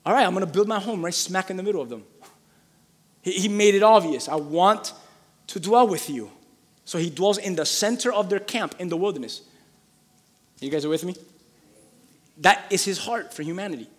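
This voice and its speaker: A man preaching a sermon as pastor, fervent and repetitive, building up to shouting. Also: high voice, moderate pace, long pauses, big-room sound. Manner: fervent, repeats phrases for emphasis, builds to shouting.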